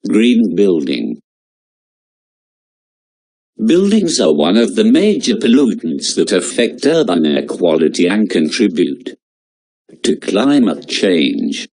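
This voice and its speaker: A man reading out exam-prep lecture notes in a slow, measured way. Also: deep voice, big pitch swings, darkish tone.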